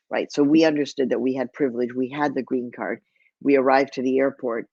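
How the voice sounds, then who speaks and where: A woman's voice: rumbling low, a little mellow, no room sound. A woman from Mexico, an author, reads aloud from her memoir in a vivid storytelling manner and drops in Spanish phrases now and then. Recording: dull, lo-fi, dry.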